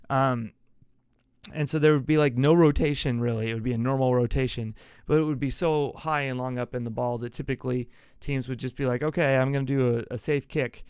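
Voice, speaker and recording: A man's voice: mid-range voice, darkish tone, clean tone, dry recording, clean studio sound. A man hosting a casual solo sports podcast, rambling through an explanation, acting it out with gestures and correcting himself along the way. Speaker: podcast host.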